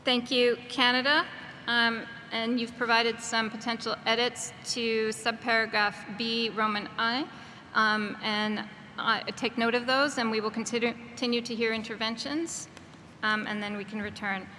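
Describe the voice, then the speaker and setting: A woman's voice: on the high side, fairly even intonation, unhurried, sharp tone, big-room sound, slight background noise. A woman chairing a committee meeting, giving procedural remarks with fillers. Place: large conference hall.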